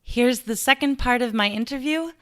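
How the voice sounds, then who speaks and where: A woman hosting a podcast, reading a chatty, fast-paced intro and promo. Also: a little high, a bit bright. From United States. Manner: chatty, upbeat, rushed. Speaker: podcast host.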